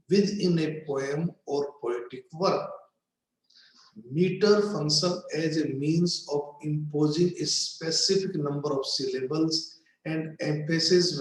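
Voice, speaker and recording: A man giving a recorded lecture on poetry, speaking slowly and deliberately with pauses between phrases. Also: a little high. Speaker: literature lecturer. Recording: very echoey room.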